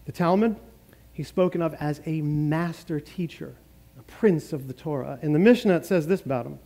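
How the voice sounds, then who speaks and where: A man's voice: a little high, moderate pace, gravelly, dark tone. A man preaching a sermon as pastor, in a joking, conversational way with frequent laughs.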